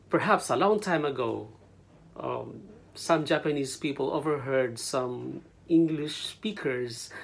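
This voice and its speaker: A Filipino man with a Filipino accent hosts a casual teaching vlog. He talks in an unhurried, chatty way, with a husky edge to his voice and a pitch in the middle range. He repeats key words slowly so viewers can practice them. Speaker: language vlogger.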